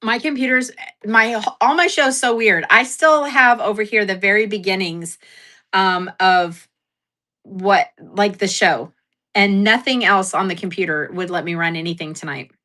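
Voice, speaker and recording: Young adult woman livestream host, bright voice, giggly and rambling. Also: mid-range voice, unhurried. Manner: giggly, self-deprecating, rambling with fillers. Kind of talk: casual livestream chat.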